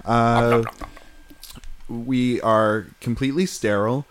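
A man's voice: mid-range voice, fairly even intonation, slow. A man hosting a casual podcast, joking and rambling as he introduces segments. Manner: jokey, rambling. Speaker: podcast host.

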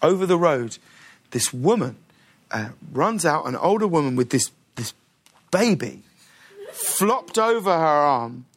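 Man telling a lively anecdote. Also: on the high side, unhurried, long pauses. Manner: lively anecdotal telling with restarts and acted-out quotes. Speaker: talk show guest. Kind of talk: animated storytelling in a studio interview. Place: television studio with audience.

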